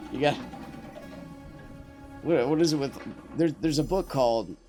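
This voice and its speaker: A young man with a warm, medium-pitched voice speaks slowly while faint music plays. He gives casual gameplay commentary on stream, rambling and joking with his chat and teammates.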